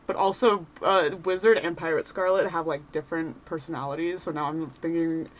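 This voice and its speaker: A woman streaming a game, chatting casually and reading character lines aloud in a rough put-on voice. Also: low voice, steady tone, a little fast.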